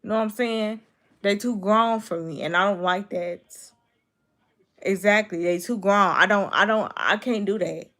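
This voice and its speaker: A woman's voice: mid-range voice, moderate pace, fairly bright tone. Blunt twenty-year-old woman streamer. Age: 20s. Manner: blunt, repetitive, talks straight back to commenters. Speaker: YouTube streamer. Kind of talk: casual live-stream chat with viewers.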